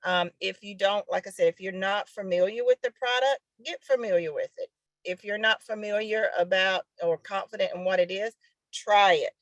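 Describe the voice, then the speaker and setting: A woman's voice: medium pitch, moderate pace, no room sound. A woman giving an informal sales training talk, coaching listeners with frequent fillers.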